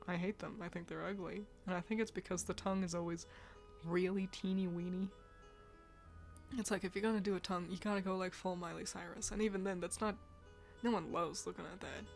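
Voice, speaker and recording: A woman's voice: lowish voice, fairly even intonation, fairly quick, gravelly, soft background music. A woman streaming live, chatting casually about games while sick and congested, laughing often.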